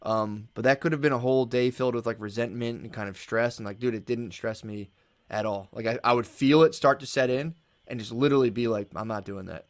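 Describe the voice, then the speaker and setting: Male podcast guest, rapid rambling storyteller, casual swearer. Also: mid-range voice, fairly even intonation. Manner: rapid, rambling storyteller who acts out his own thoughts; casual swearing, calls listener "dude". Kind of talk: casual conversation.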